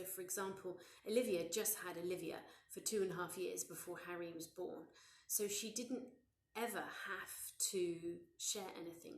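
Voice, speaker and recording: A woman in her thirties giving a live parenting session, gentle and conversational, with many fillers and restarts. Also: fairly low pitch, echoey room. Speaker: parenting educator.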